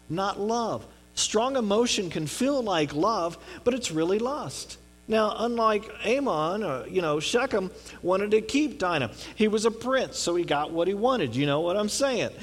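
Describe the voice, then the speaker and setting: A man giving a conversational sermon on a Bible passage in an earnest way, often checking in with his listeners. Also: sits high. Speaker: pastor.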